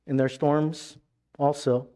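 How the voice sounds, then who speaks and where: Higher-pitched man preaching a sermon. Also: level tone, a little slow. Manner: emphatic preaching that drops to hushed tones. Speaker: pastor.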